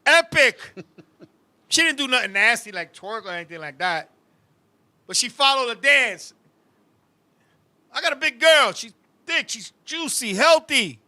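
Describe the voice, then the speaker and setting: Speaking unhurriedly and pausing often, a male show host recounts animated, profane stories during comic chat, frequently bringing in his co-host. His voice is very high and cutting, recorded close on a completely dry mic with no echo.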